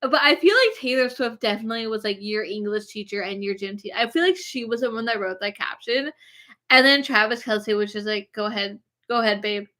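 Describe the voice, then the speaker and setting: A woman's voice: a little high, lively intonation, fairly quick, bright, forceful tone. A woman vlogger chatting casually and rambling, with lots of fillers. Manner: gushing, filler-heavy, rambling. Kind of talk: casual chat.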